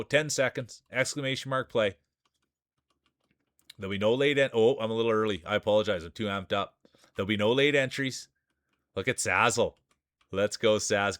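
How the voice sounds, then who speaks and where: A man's voice: fairly low pitch, a bit bright, no echo, studio quality. A man in his forties with a small-town Saskatchewan Canadian accent, hosting live marble races with rambling, hyped sports-announcer patter. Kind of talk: live stream commentary and chat.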